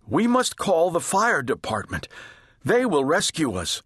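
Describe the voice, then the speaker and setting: A man's voice: on the high side, huge pitch swings, a little slow, a bit bright, slightly rough, dry recording, studio quality, pitched above the performer's own voice, exaggerated voice. A man voicing a pompous but nervous middle-aged husband in a children's storybook, making grand declarations. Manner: blustering, fake-confident declarations.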